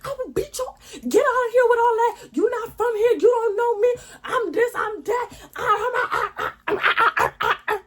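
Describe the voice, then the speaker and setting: A woman voicing a furious young woman who screeches and shouts threats in someone's face. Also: extremely high pitch, moderate pace, pitched above the performer's own voice. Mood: screaming furious.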